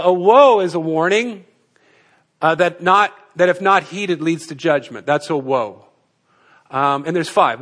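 A man with a fairly high voice preaches from the pulpit, explaining a passage verse by verse. He speaks in a measured teaching style and often stops to ask the congregation a rhetorical question before he answers it himself. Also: a bit bright. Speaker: pastor. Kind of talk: expository sermon.

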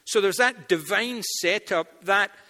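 Male preacher, fairly high bright voice, lively storyteller, long hall echo. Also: slow pace. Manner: animated storytelling, acts out dialogue. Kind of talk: sermon with anecdotes.

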